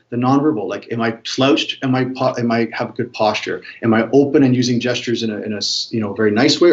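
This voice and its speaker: Fast-talking man explaining body language. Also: medium pitch, muffled recording. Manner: energetic, animated, acts out examples. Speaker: body language expert guest. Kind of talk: explanatory interview talk.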